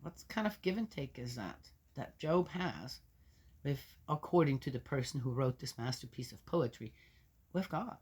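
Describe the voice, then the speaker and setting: A woman's voice: very deep voice, lively intonation, normal speed, slightly rough. A woman reading scripture aloud, breaking off into skeptical, argumentative asides that sink to a mutter. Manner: interrupts herself with doubting, argumentative remarks; loud when reading, drops to mutters for asides. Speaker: scripture reader and commentator.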